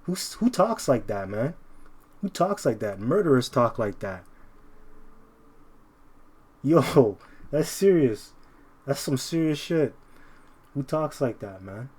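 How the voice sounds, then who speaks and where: A man preaching informally, emphatic and repetitive, often ending phrases with "man" and slowing down to read verses aloud. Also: medium pitch, very animated, a little mellow, husky.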